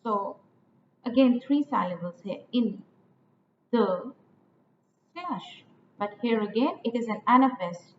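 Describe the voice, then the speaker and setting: A woman lecturing on poetic meter, slow and deliberate, repeating lines and stressing each syllable. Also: a little high. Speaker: literature teacher. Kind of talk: poetry lecture. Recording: echoey, tinny phone-like audio with faint noise.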